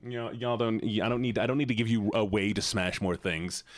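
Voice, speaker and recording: A man's voice: on the low side, steady tone, normal speed, no room sound, clean studio sound. A man streaming live, reacting to viewer submissions in casual chat, often sighing, swearing and repeating himself in exasperation.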